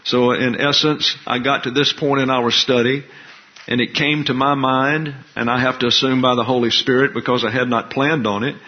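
Deliberate man teaching a Bible class. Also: mid-range voice, fairly even intonation. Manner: deliberate, explains Greek terms slowly. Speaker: pastor teacher. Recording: dull lo-fi recording.

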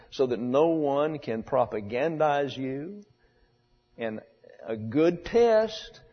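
A male pastor preaches in a husky voice, blunt and wry, tossing rhetorical questions at his congregation. The sound is dull and muffled, with a long church echo trailing behind him. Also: mid-range voice. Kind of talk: sermon. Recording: dull echoey church recording.

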